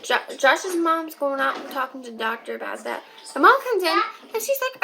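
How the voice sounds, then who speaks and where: A woman's voice: sits high, moderate pace, poor audio. A young woman vlogger telling a personal story, talking straight to her viewers in a chatty way. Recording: clear steady background noise.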